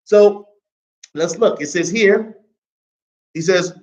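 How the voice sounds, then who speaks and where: A man with an American accent teaching an Arabic lesson to a small class, lively and often checking that everyone follows. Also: fairly high pitch, normal speed, long pauses, lo-fi sound. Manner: lively, mixes English with Arabic reading, checks understanding often.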